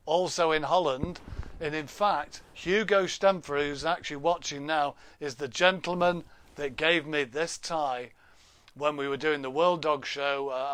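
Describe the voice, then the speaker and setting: A man talks into his laptop webcam from a room at home, hosting a casual live stream. His voice sits a little high and the sound is dry and close. He chats and jokes, laughs often and reads out viewers' names and comments. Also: a bit bright, dry recording. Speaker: livestream host.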